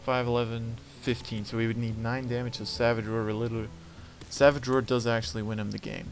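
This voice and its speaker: A man of middle pitch talks through a card game as he plays, working out his moves aloud. He grumbles and swears when luck turns against him. Clear game music plays behind his voice. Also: little pitch movement, a little fast. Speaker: gamer playing a card game. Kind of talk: casual gameplay commentary.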